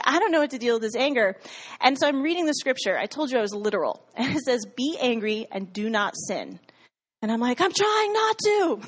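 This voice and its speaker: A woman telling her faith story in a casual way, full of "like" fillers and frequent laughs, acting out what she said and thought back then. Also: on the high side. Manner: chatty, many "like" fillers, laughs often, acts out her own past lines. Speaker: guest sharing a personal faith testimony.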